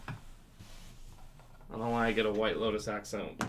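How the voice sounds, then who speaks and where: A man's voice: on the low side, steady tone, normal speed, noisy background. A man hosting a live card break, listing player names and chatting with viewers about sports betting. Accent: North Carolina.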